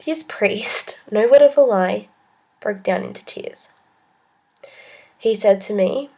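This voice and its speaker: A young woman with an Australian accent speaks to camera in a vlog, sharing a personal story. Her voice is mellow and warm, sitting at an ordinary pitch for a woman. She talks earnestly and haltingly, with frequent ums and restarts. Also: creaky. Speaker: vlogger.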